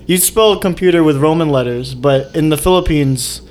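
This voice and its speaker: A man's voice: fairly high pitch, moderate pace, darkish tone. A man co-hosting a podcast in loose casual chat, rambling with many fillers. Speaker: podcast co-host.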